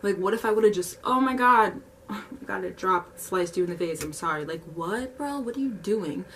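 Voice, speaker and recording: A woman's voice: lowish voice, distant mic, a little hiss or hum. A young woman animatedly telling a story in casual, slangy speech. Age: young adult. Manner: animated, slangy, fast retelling.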